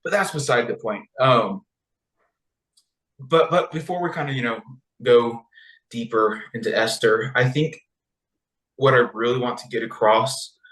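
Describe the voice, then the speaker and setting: A man's voice: mid-range voice, a little slow, pauses often, fairly bright tone, reverberant, poor audio. A man co-hosting a podcast, talking in a rambling, casual way full of fillers. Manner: rambling, heavy use of fillers like "you know" and "like". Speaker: podcast co-host. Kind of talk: casual discussion.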